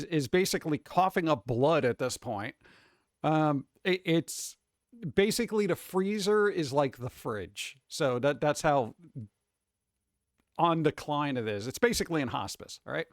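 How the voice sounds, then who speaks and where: A man's voice: fairly high pitch, lively intonation, normal speed, no echo, studio quality. A man streaming live, rambling casually and greeting chat viewers one by one.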